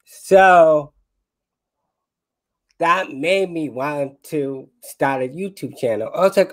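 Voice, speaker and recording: A man in his twenties, a guest on a panel, explaining things in an unhurried, reflective way. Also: fairly high pitch. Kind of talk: casual conversation.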